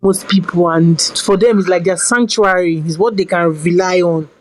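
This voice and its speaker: A Nigerian woman guest on a podcast, telling a personal story in casual, animated talk, slipping into pidgin phrases and often restarting her sentences. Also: fairly low pitch, normal speed, low-quality recording.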